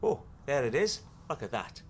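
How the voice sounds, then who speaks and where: A man's voice: mid-range voice, big pitch swings, normal speed, darkish tone, a little hiss or hum. A middle-aged man with a Welsh accent, playing a chatty sitcom character who patiently explains things in a folksy way. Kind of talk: scripted TV comedy acting.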